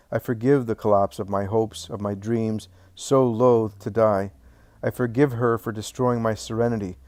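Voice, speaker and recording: A man narrating a first-person memoir in a slow, measured, emotional way, building to swelling emphasis on key phrases. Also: on the low side, a little mellow, dry recording, clean studio sound. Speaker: audiobook narrator.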